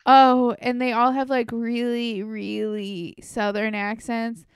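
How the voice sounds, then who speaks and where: A woman from Florida hosts a casual podcast chat, giggling often and telling stories with animation. Her voice sits a little high and comes through smooth and resonant. The sound is dry and close. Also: little pitch movement, takes it slowly, no room sound. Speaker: podcast host.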